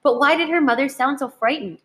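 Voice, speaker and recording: A woman teacher reading a children's history book aloud in a clear, measured way. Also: sits high, a bit bright.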